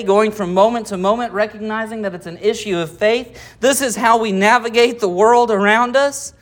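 A preacher delivers an expository sermon at a medium pitch. The preacher reads verses aloud, then explains them and asks rhetorical questions of the listeners. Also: steady tone, a little fast, hardly any pauses. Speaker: pastor.

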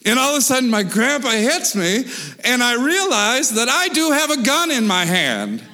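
A high-pitched, bright-voiced man tells a wild story in a casual, animated way, with lots of swearing and sound effects. His voice carries a long reverb from a big hall. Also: moderate pace.

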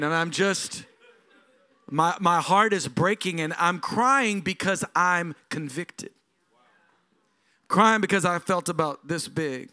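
This sermon comes from a middle-aged lead pastor whose pitch is fairly high. He tells it as a story, letting quiet moments give way to emphatic passages.

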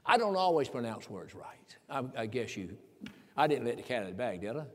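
A man's voice: medium pitch, very animated, fairly quick, in a large hall. A man from the American South with a Southern accent, preaching a sermon with folksy asides and emphatic repetition. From Southern United States.

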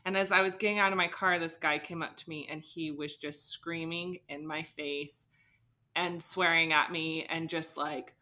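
Young woman, podcast co-host. Bright, sharp tone; animated, acts out dialogue. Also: lowish voice, normal speed. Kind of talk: casual storytelling.

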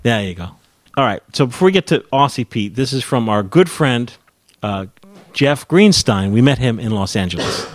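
A man's voice: mid-range voice, lively intonation, normal speed, dry recording. A male podcast host in casual chat, talking hesitantly and leading to the next letter.

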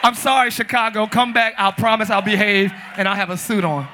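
Male pastor, high bright voice, comic shouting sermon, live church. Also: steady tone, a little fast, soft background music. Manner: playful, shouting, mimics churchy prayer voices. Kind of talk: comedic sermon to a live congregation. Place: church sanctuary.

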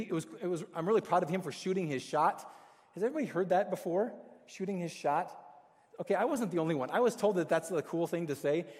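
Casual male pastor, somewhat high voice, animated storytelling sermon, long church-hall reverb. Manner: chatty, self-deprecating, animated storyteller.

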